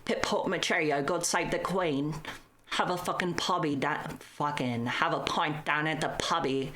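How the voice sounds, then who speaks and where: A woman's voice: low voice, fairly even intonation, normal speed, fairly bright tone, a little hiss or hum. A woman voicing a chirpy mock-posh British woman in a put-on British accent, exaggerated and sing-song.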